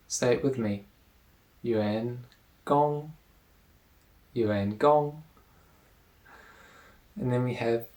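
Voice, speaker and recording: Slow, unhurried male pronunciation teacher. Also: mid-range voice, dark tone, rough recording. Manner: unhurried, repeats words slowly for the listener to say along. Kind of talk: relaxed video lesson on pronunciation.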